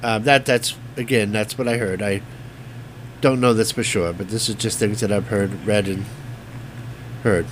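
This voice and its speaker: A man's voice: on the low side, fairly even intonation, normal speed, pauses often, a little hiss or hum. A man co-hosting a radio show in casual chat, telling stories in a laid-back, hedging way and unsure of the details. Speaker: radio co-host.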